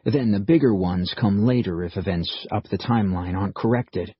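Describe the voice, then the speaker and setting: A calm older man explains things quietly and carefully in a husky, low voice, as the narrator puts him on. The sound is dull and muffled, with a dry, close feel. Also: no room sound. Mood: measured. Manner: quiet, measured.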